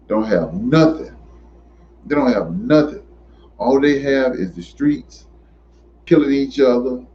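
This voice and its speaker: A man's voice: medium pitch, slight background noise. Impassioned man on a dull lo-fi recording. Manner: preachy, repetitive, emphatic, rising to near shouts. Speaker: commentator. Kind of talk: impassioned monologue to camera.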